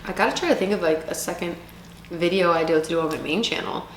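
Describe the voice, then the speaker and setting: A woman's voice: on the low side, quick pace, slight background noise. A young adult woman co-hosting a casual eating show, chatting between bites. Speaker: co-host. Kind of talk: casual chat. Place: indoors. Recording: echoey room.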